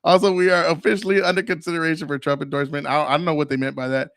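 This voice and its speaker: Blunt, profane man with a higher voice. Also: little pitch movement, rapid-fire, fairly bright tone, dry recording, clean studio sound. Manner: tells stories by mimicking others. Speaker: podcast host. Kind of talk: casual monologue.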